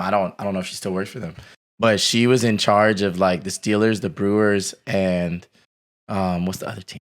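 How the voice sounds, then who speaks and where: Casual young man telling stories. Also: fairly low pitch. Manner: animated storyteller, laughs often, acts out quotes. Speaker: podcast host. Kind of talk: casual chat.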